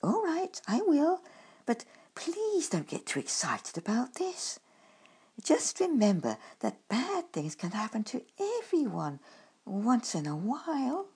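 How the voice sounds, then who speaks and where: A woman voicing a nervous male badger who speaks timidly and confidingly, with a husky tone. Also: on the high side, wildly swooping pitch, takes it slowly, darkish tone, voice pushed up, exaggerated voice. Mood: coaxing.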